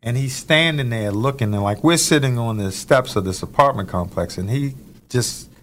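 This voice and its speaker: A man's voice: medium pitch, normal speed, fairly bright tone, a little hiss or hum. A man telling a personal story in casual chat, hesitant and searching for his words.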